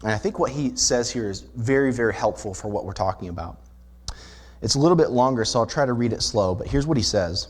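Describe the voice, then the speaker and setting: A man's voice: mid-range voice, lively intonation, fast talker. Man preaching an earnest sermon. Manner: earnest, explanatory preaching with rhetorical questions. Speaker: pastor. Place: church sanctuary.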